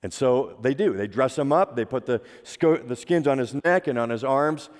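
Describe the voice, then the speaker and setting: A man's voice: mid-range voice, lively intonation, normal speed. A man preaching a sermon, retelling a story conversationally and asking his listeners rhetorical questions. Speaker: pastor. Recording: long reverb of a large hall.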